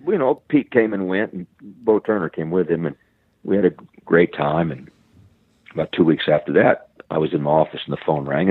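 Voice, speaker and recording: Low husky man on a tinny line. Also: brisk, no echo. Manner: animated anecdotes, acts out quoted dialogue, frequent restarts. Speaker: guest, wildlife conservationist. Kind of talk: conversational storytelling.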